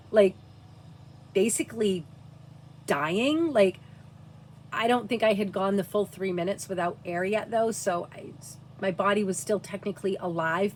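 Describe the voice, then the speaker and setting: A woman telling a personal story to camera, earnest and halting, dropping to a hushed near-whisper at times. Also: medium pitch, a little hiss or hum. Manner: earnest, frequent "like" fillers.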